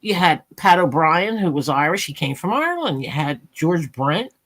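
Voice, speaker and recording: A woman's voice: low voice, sing-song, normal speed. Blunt, chatty New Jersey woman. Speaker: panel host. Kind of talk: casual chat on a live panel.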